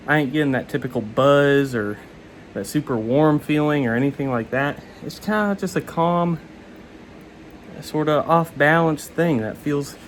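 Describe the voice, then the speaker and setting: A young man talks in a loose, rambling vlog style, laughing between thoughts. His voice sits at an ordinary middle pitch. A faint hiss runs under the recording. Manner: laid-back, rambling, laughs often. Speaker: vlog host. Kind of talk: casual vlog chat.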